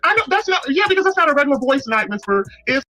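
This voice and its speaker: Fast, bright, blunt woman commentator. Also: sits high, sing-song, no echo, low-quality recording. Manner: blunt, profane, repeats lines for emphasis. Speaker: commentary livestream host. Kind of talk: opinionated live commentary.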